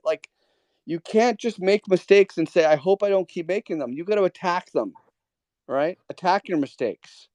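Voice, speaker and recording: A man's voice: on the high side, a little mellow, dry recording. Emphatic man coaching traders. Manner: emphatic, coaching, repeats key points. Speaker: host of a trading Q&A. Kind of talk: casual mentoring talk.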